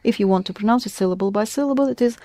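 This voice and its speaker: A woman's voice: mid-range voice, rapid-fire, warm tone, no room sound. A woman teaching a language class, patiently prompting her students with questions. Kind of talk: classroom lesson.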